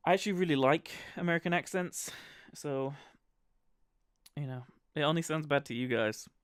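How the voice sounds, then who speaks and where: A man's voice: fairly high pitch, normal speed, smooth, dry recording, clean studio sound. A man with a British accent giving rambling, casual commentary while livestreaming a game. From Britain. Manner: chatty, rambling, with many fillers. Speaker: livestream gamer.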